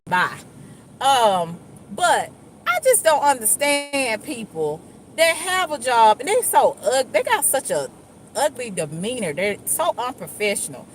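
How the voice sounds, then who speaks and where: Woman vlogger, animated pitch, casual car chat over faint road hum. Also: low-quality recording. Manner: chatty, animated, acts out other people's voices. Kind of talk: casual chat while driving. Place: inside a moving car.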